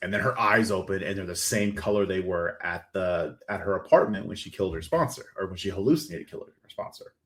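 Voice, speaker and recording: Man, lowish voice, podcast host, casual animated storytelling. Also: a little fast, few pauses. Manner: animated storytelling, acts out quoted lines. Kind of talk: casual plot recap.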